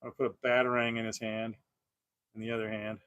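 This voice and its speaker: Bright-voiced rambling man hosting a livestream. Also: on the low side, flat delivery, a little fast, clean tone, no echo. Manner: rambling, many fillers and restarts, laughs often. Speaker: toy collector livestream host. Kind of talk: casual livestream chat while unboxing.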